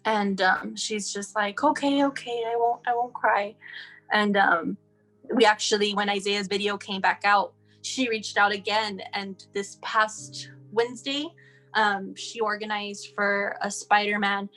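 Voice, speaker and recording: Woman from Texas, interview guest, rambling and chatty, mid pitch, faint guitar under her. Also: level tone, measured pace, bright, forceful tone. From El Paso, Texas. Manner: rambling, chatty, many fillers. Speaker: guest, mother of a sick child. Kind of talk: casual interview.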